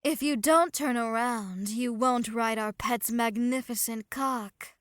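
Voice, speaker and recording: A woman's voice: on the high side, slow, dry recording, studio quality. A woman voicing a bossy, dominant female leader in an audiobook, giving firm commands. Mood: commanding. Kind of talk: erotic audiobook character voice.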